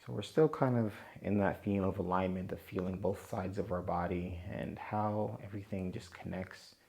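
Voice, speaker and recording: A young man guiding a yoga session in a relaxed, playful way, with jokes between calm breathing cues. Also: low-pitched, normal speed, creaky, slightly rough. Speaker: vlogger leading a yoga session. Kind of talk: guided yoga instruction, casual vlog chat.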